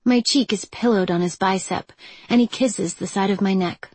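Husky woman narrating a romance audiobook. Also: mid-range voice, moderate pace, a little mellow, no echo.

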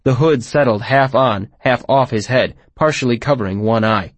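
A man narrating first-person fiction in a measured, expressive storytelling manner, on a close mic. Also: mid-range voice, dry recording. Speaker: audiobook narrator.

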